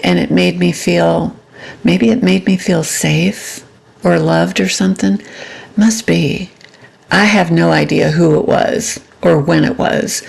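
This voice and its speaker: A woman giving relationship advice to camera in a soft-spoken, reflective way, pausing often with ums. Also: fairly low pitch, vocal fry. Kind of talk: reflective personal talk to camera.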